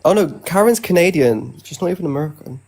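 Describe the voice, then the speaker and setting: Man for loose group-chat banter, gravelly texture, teasing, slangy hype talk. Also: on the high side, animated, darkish tone. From outside the US. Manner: chatty, teasing, fast slang. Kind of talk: casual live-stream banter.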